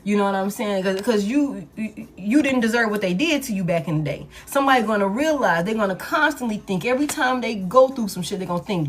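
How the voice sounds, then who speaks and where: A woman's voice: medium pitch, expressive, fairly quick, hardly any pauses, slight background noise. Blunt, profane woman tarot reader. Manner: blunt, profane, emphatic repetition. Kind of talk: casual tarot reading monologue.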